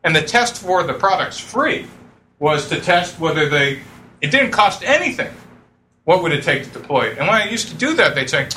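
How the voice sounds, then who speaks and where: A middle-aged man telling lively stories to an audience, acting out the voices he quotes and laughing often. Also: a little high, normal speed, slight background noise. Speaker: speaker telling startup stories. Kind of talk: lively storytelling talk.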